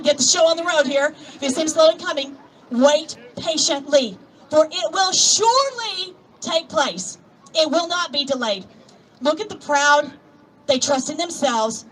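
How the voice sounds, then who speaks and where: High-voiced preachy woman. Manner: preachy, calls out to the crowd, swings between soft asides and shouts. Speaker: rally speaker. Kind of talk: impassioned outdoor rally speech with scripture reading. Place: outdoor plaza at a protest march. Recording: distant outdoor recording with crowd noise. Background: murmuring crowd and street noise.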